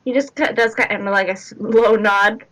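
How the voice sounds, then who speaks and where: A woman narrates a tabletop game as its game master, loose and chatty, with many fillers and small laughs. Her voice is bright and clear. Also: mid-range voice, normal speed, low-quality recording.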